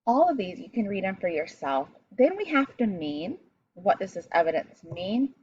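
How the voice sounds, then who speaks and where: A woman's voice: mid-range voice, very animated, moderate pace, a little mellow, muffled recording, a little hiss or hum. A woman teaching a recorded reading lesson, explaining step by step and talking directly to her pupils.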